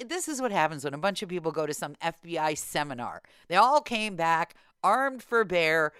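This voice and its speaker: A woman hosting a podcast in casual chat, telling stories in an animated, exasperated way. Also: on the low side, fairly quick, few pauses, clean tone, no echo, studio quality. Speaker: podcast host.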